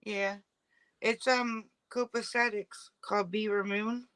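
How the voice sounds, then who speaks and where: Bright-voiced chatty woman. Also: medium pitch, flat delivery, a little slow, clean tone, no room sound, poor audio. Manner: chatty, thinks out loud. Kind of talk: casual chat.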